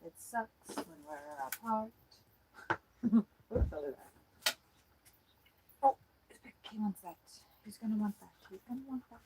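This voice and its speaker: A woman's voice: on the high side, lively intonation, a little slow, creaky, long pauses, background noise. A woman hosting a casual birdwatching livestream from inside an RV, chatty and playful with frequent giggles. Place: indoors in an RV.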